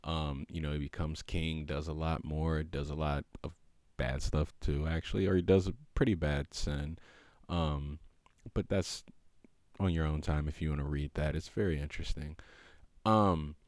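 A man's voice: rumbling low, steady tone, normal speed, darkish tone, dry recording, clean studio sound. A man hosting a podcast alone, talking in a loose, reflective way, with many fillers and restarts. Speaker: podcast host. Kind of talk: casual reflective monologue.

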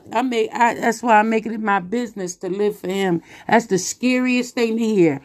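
Emphatic woman preaching with a lilt. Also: on the high side. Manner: emphatic, scolding, with drawn-out exclamations and laughs. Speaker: Christian podcast host. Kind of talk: preaching monologue.

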